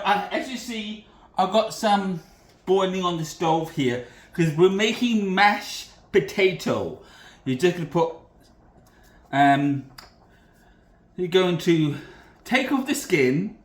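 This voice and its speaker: Home cooking host, male, from Britain: high-pitched, loose and self-correcting, recorded in a roomy kitchen. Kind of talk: casual cooking demonstration.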